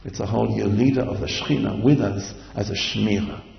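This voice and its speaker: A man's voice: fairly low pitch, steady tone, fairly quick, gravelly, roomy sound, long reverb tail, muffled recording. A man giving a Torah lecture as a sermon, asking repeated rhetorical questions and chanting verses. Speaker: rabbi giving a Torah class.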